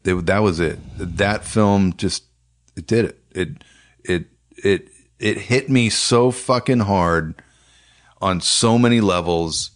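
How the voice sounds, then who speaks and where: A man with a fairly low voice chats casually about animated films, swearing freely and tripping over his own restarts. His delivery is loose and enthusiastic. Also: slow pace. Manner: profane, enthusiastic, rambling with restarts. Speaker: animation producer, podcast co-host. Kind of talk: casual chat.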